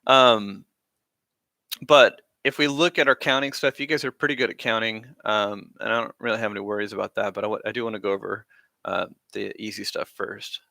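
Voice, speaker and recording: A man's voice: fairly low pitch, steady tone, a little fast, creaky, pushed and bright, no echo, clean studio sound. A man teaching a band class on a live stream, talking casually with lots of fillers as he explains rhythms. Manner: casual, rambling, frequent fillers. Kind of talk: live-streamed music lesson.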